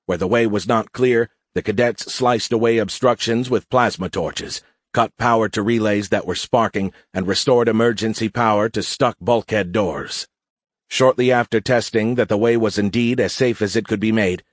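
Low-voiced man narrating an audiobook. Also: no echo, clean studio sound. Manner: steady, even storytelling. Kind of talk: scripted narration.

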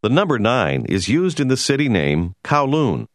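A man giving a scripted, measured narration for a language course. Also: medium pitch, sing-song, dry recording, clean studio sound. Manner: measured, explanatory.

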